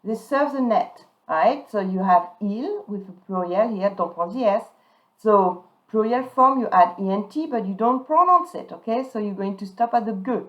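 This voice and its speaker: A woman's voice: medium pitch, animated. Woman teaching pronunciation. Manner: slow, emphatic modelling of French words. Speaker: French teacher. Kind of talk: pronunciation lesson. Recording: dull lo-fi sound.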